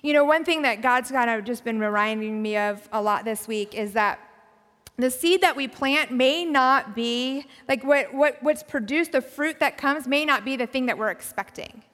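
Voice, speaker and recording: A woman pastor giving a conversational, reflective sermon, often dropping to a soft, quiet voice. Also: high-pitched, moderate pace. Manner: conversational, reflective preaching with soft drops in volume. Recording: long hall reverb.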